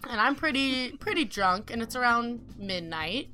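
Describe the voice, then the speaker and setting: Bright-voiced young woman telling a wild story. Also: on the high side, moderate pace, hardly any pauses, smooth, soft background music. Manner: animated, swearing, laughing storyteller. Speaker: podcast host telling a story. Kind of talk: casual storytelling chat.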